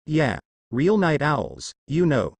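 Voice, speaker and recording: A man's voice: on the high side, very animated, slow pace, dry recording, exaggerated voice. A man voicing a sarcastic, wisecracking young male hunter in a fan story reading. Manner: sarcastic, joking.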